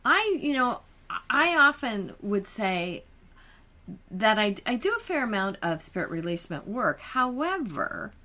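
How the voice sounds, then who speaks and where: A woman's voice: on the high side, sing-song, a little slow, pushed and bright. A woman co-hosting a podcast, a hypnotherapist chatting about her sessions in a confident, breezy and emphatic way. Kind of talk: casual podcast chat.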